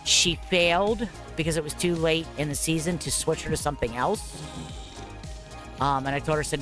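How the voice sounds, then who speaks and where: A woman's voice: deep voice, a little fast, music in the background. Rambling, candid middle-aged mother telling a story. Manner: rambling, candid, frequent fillers and 'blah, blah, blah'. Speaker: parent telling her story. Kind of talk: casual spoken story over gameplay.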